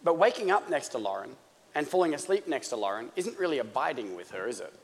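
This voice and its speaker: A man's voice: medium pitch, big pitch swings, quick pace. A man from Australia preaching a sermon in a conversational, joking manner that builds toward fervor. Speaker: pastor. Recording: long church-hall reverb.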